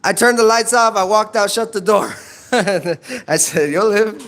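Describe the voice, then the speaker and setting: A male comic works a small club stage through a handheld mic. His voice sits high, and the delivery is loose and profane, broken up by laughs at his own jokes. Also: a little slow, a bit bright. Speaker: stand-up comedian. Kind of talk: stand-up set.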